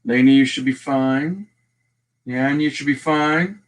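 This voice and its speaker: Chatting easily and calling out viewers by name, a livestream host with a Texan accent talks slowly in a medium pitch.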